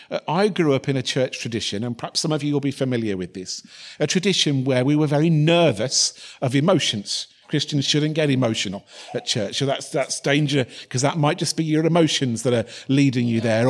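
A man's voice: medium pitch, fairly quick. A man preaching a sermon in an earnest, reflective manner, occasionally restarting his sentences.

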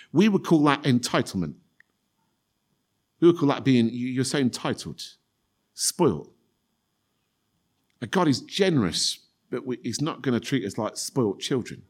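A man preaching a sermon in an earnest tone, repeating phrases for emphasis and acting out quoted prayers. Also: fairly high pitch.

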